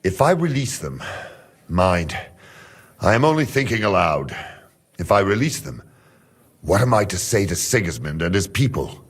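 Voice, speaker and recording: An actor playing a cautious male guard from Hungary in a game cutscene, measured and calculating. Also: deep voice, very animated, husky, full character voice.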